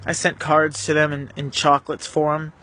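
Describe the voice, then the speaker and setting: A man telling a painful personal story to the camera in an earnest, emotional, halting way. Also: on the high side, monotone, pushed and bright. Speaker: vlogger.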